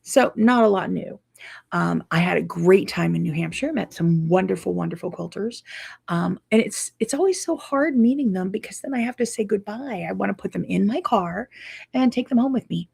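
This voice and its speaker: A woman's voice: mid-range voice, animated, moderate pace, creaky, darkish tone, breathy edge. A woman who teaches quilting, chatting casually to viewers in a live update, tired and yawning from lack of sleep.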